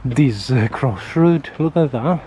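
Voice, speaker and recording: A man in the middle pitch range gives a casual walking vlog in a loose, friendly ramble. He trips over words and starts again as he points at houses and gardens. Passing cars and street noise sit clearly behind him outdoors. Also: lively intonation, slow, dark tone, low-quality recording. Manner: rambling, chatty, friendly, often restarts. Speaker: vlogger. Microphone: handheld camera while walking.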